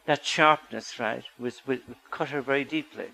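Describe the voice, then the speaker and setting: A man's voice: mid-range voice, normal speed, gravelly, bright, forceful tone, poor audio. A man giving a public talk as a psychologist, earnest and asking the audience rhetorical questions.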